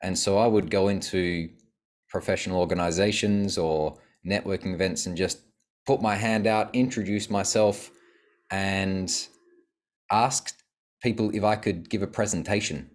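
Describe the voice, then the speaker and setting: A man's voice: deep voice, fairly even intonation, a little slow. A man, a podcast guest, telling reflective stories about his life in a casual conversation. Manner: reflective storytelling.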